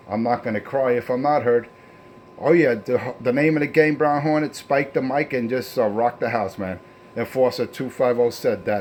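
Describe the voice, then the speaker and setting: A man's voice: medium pitch, a little hiss or hum. Boastful man talking on CB radio. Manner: boastful, folksy, trash-talking. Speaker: CB radio operator and channel host. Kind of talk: casual CB radio banter.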